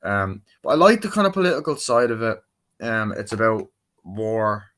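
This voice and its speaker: A man's voice: medium pitch, very animated, brisk, a bit bright. A man giving a casual, rambling movie review, loose and full of fillers, swearing now and then.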